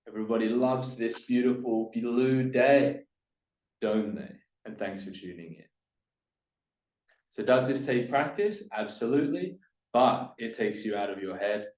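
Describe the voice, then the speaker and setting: A man's voice: mid-range voice, a little mellow. Emphatic male business coach, echoey room. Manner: emphatic, demonstrates upward and downward inflection, drops voice on key points. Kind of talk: coaching presentation to camera.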